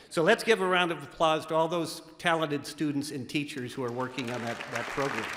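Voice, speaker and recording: Joking male emcee in a large echoey theater. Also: fairly high pitch. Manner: relaxed, joking, with frequent fillers. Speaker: master of ceremonies. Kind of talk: emceeing an awards ceremony. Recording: echoey theater with a crowd behind.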